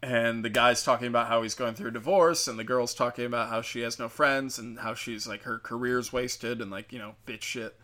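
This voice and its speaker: A man's voice: medium pitch, steady tone, fairly quick, few pauses, sharp tone. A man hosting a podcast, telling a show's story in a rambling, profane, joking way. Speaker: podcast host. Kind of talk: casual rambling show recap.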